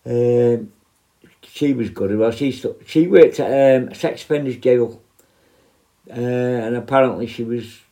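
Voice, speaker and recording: A man's voice: mid-range voice, a little slow, mellow. Rambling man telling stories. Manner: rambling, many fillers and asides. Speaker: former prison officer. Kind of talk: casual storytelling.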